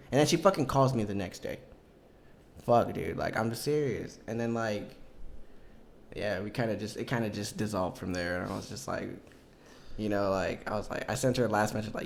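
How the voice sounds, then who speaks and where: A man's voice: lowish voice, fairly quick, vocal fry, a little hiss or hum. A man telling a casual story as a podcast guest, in a profane, laid-back way with lots of fillers.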